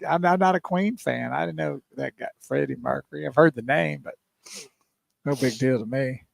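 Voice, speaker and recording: A man co-hosting a radio show, easygoing and quick to laugh. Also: mid-range voice, creaky, dry recording, studio quality. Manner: laughs often, easygoing reactions. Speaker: radio co-host. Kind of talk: casual radio chat.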